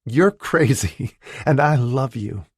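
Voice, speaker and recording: A man's voice: medium pitch, huge pitch swings, measured pace, darkish tone, no room sound, studio quality, voice pushed up. A man reading an audiobook and voicing a woman who is a thriller author, with a raised, lighter voice. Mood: fond. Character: American woman, thriller author, newly engaged.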